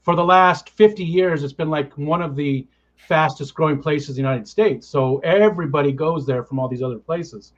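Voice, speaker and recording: A man's voice: fairly high pitch, normal speed. A man hosting a livestream in easygoing, casual chat, laughing often and thinking aloud. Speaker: livestream host. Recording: slightly muffled lo-fi audio.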